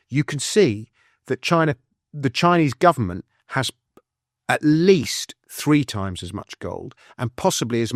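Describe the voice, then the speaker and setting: A man, speaking as a guest author in a casual interview, chatty and explaining with quick restarts and asides. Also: mid-range voice, no echo, studio quality. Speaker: author and financial commentator, guest.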